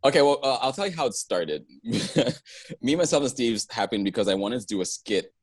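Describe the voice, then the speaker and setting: Laughing, animated male guest. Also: medium pitch, brisk, no echo. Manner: animated, laughs often, many restarts. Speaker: guest, singer-songwriter and actor. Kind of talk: casual interview chat.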